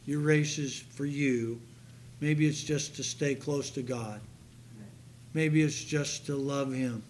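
A man preaching a sermon to his congregation, telling a story with animated delivery that rises to near-shouts. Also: medium pitch, takes it slowly, slight background noise. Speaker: pastor. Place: church sanctuary.

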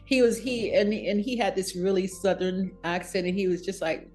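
Woman interview guest, lively storyteller, laughs easily, faint music underneath. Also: normal speed. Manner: animated, laughs often, rises high when quoting.

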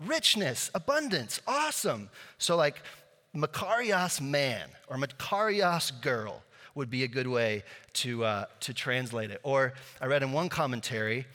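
A man preaching a sermon, conversational and joking, lively with his congregation. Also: medium pitch. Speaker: pastor. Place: church sanctuary. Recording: reverberant church hall.

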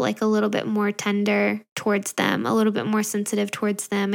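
A young woman hosting a podcast, speaking candidly and tenderly, pausing often with small soft laughs. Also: medium pitch, creaky. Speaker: podcast host. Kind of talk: personal podcast monologue.

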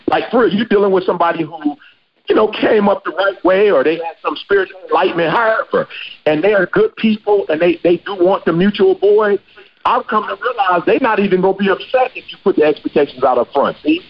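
A man hosting a podcast in casual chat, a slangy, animated storyteller. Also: high-pitched, a little fast, dull audio. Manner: slangy, animated storyteller who acts out quotes. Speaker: podcast host.

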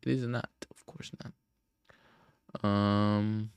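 Young male podcast host, low gravelly voice, dry close sound, loose profane self-mocking ramble. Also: level tone, takes it slowly, darkish tone, no echo. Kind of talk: casual solo podcast monologue.

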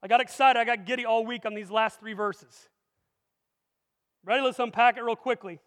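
An energetic male preacher with a very high voice, firing rhetorical questions at his congregation. His sermon rings out through a large church sanctuary with a long, hanging reverb. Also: normal speed, clean tone. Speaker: pastor.

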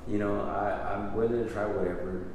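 A man's voice: fairly low pitch, steady tone, moderate pace, darkish tone. Echoey-room man, laid-back, swearing freely. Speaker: podcast host. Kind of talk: casual chat. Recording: very echoey room, faint noise.

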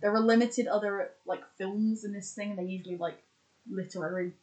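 A woman's voice: mid-range voice, fairly even intonation, a little fast, darkish tone, rough recording. A woman in casual podcast chat, running through examples with lots of fillers and restarts. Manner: chatty, lists examples with many fillers and restarts. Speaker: podcast co-host.

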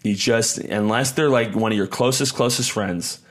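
A man's voice: on the low side, moderate pace. Rambling man telling a story. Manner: rambling, repeats words and restarts, acts out quotes. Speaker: podcast host. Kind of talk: casual storytelling monologue.

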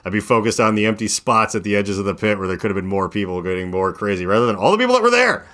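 A man with a fairly low voice rambles through a casual podcast conversation. He tells stories in an animated way, stacking up fillers and restarts as he goes. He sounds like someone in his thirties. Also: very fast. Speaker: podcast host. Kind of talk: casual chat.

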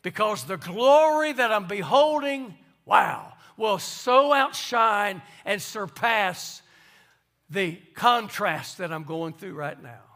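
A male pastor, preaching a sermon and swinging from soft asides to loud emphasis. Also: sits high, sing-song, takes it slowly.

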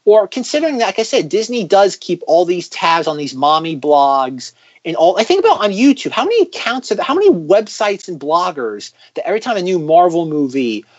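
A man's voice: high-pitched, sing-song, a little fast, husky. A man co-hosting a podcast, chatting casually and joking, rambling with many restarts. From United States. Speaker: podcast co-host. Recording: dull lo-fi audio.

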